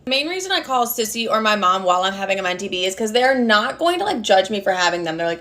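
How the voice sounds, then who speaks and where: A woman's voice: medium pitch, expressive, fast, hardly any pauses, a bit bright. A woman in her twenties telling a storytime to camera, chatty and profane, with lots of "like" fillers. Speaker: storytime vlogger. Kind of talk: casual storytime monologue.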